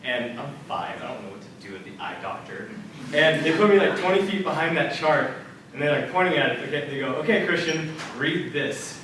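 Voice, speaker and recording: This young man's voice is a little high and a bit bright, with lively intonation and a brisk pace, plus slight hiss or hum. As a student speaker, he tells earnest, casual faith stories to students, peppered with "like" and "um." He's recorded from afar in a very echoey multipurpose room at a church center.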